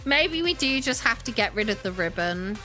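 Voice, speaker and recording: A woman's voice: a little high, very animated, normal speed, bright, forceful tone, soft background music. Flustered woman streaming a game. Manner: flustered, talks to herself, frequent laughs and exclamations. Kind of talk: gaming livestream commentary.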